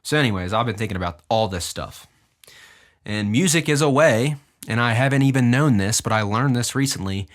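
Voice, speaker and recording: Young male podcast host, fairly low voice, lively casual delivery with a swinging pitch. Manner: animated, deliberately shifts his pitch up and down. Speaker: podcast host and music producer. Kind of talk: casual podcast talk explaining his own music.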